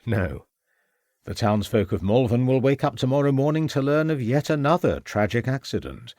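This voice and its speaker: A man's voice: mid-range voice, animated, normal speed, mellow, no room sound, clean studio sound, pitched above the performer's own voice, natural voice. A man voicing a scheming murderous villain who talks in a sneering, gloating way.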